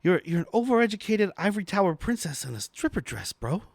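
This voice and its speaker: Male co-host, slightly higher voice, chatty recap, laughs a lot, dry mic. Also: very animated, fast, vocal fry, no echo. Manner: laughs often, summarizes scenes. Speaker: podcast co-host recapping the plot. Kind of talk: casual plot recap chat.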